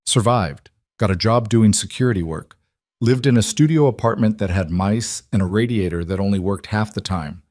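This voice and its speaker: A man's voice: lowish voice, normal speed, darkish tone, dry recording, studio quality, lightly acted. A man voicing a blunt, hardened young mafia man who speaks tersely and steadily. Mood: calm.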